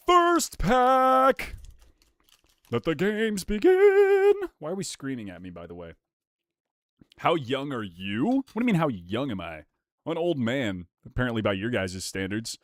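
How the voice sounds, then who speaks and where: Excitable streamer man with lively pitch. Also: normal speed, dry recording, studio quality. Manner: excitable, swings from mumbling asides to loud hype yells. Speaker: streamer opening trading card packs. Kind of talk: casual livestream chat.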